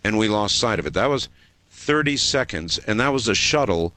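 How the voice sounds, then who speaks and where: A low-voiced man hosting a late-night radio show. He tells his stories in a rambling, folksy way, halting often on fillers. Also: expressive, sharp tone, dry recording. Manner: rambling, hesitant, folksy storytelling with many fillers. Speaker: radio talk show host.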